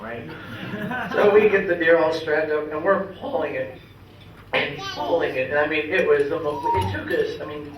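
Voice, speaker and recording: A man's voice: a little high, moderate pace, crowd noise. Young man telling a story in an echoey hall. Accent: American. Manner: animated anecdote-telling, breaking into laughter. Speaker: grandson giving a memorial speech. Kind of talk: storytelling speech at a dinner. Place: large banquet room. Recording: echoey hall audio, heard from a distance with clear background noise.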